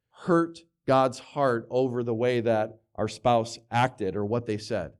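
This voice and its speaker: A man's voice: medium pitch, darkish tone. Middle-aged male pastor, conversational sermon delivery, rhetorical questions, big swings in volume.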